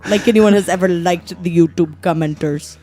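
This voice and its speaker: A woman's voice: on the low side, moderate pace, mellow, pitched below the performer's own voice. A woman voicing a fed-up, combative Indian lady who threatens online commenters in broken English, with an Indian accent and an echo on her voice during a comedic podcast bit. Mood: indignant.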